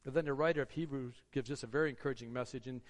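A man's voice: mid-range voice, rapid-fire. A man preaching a sermon, earnest and exhorting, asking the congregation rhetorical questions. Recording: long hall reverb.

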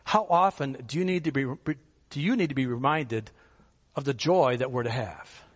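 At a normal speed and medium pitch, a man preaches a sermon in a conversational manner, putting rhetorical questions to his listeners and chuckling now and then. The sound carries the openness of a large hall.

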